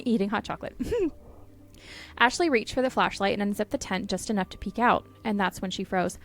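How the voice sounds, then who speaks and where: Female podcast co-host, dramatic storyteller with a playful edge. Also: mid-range voice. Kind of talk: reading spooky stories aloud.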